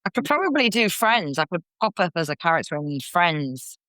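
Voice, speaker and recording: A woman comedian and actor chatting as a guest in an interview, lively and quick to slip into character voices. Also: fairly low pitch, dry recording. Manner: animated, slips into character voices. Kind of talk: casual interview chat.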